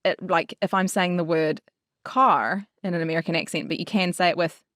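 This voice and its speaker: A woman's voice: fairly low pitch, little pitch movement, dry recording. New Zealand woman, dry and close. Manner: quick, agreeable, many "yeah"s. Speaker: podcast co-host, speech therapist. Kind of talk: casual chat.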